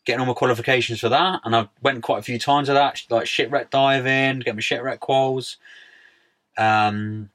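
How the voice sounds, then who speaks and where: A man's voice: medium pitch, fairly even intonation, moderate pace, a bit bright. A young man chatting casually as a podcast guest, laid-back, full of slang and "mate". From United Kingdom. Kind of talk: casual interview chat.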